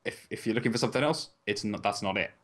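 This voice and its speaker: A man's voice: on the low side, racing, a bit bright. A man hosting a casual podcast, joking and rambling with the odd swear. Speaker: podcast host.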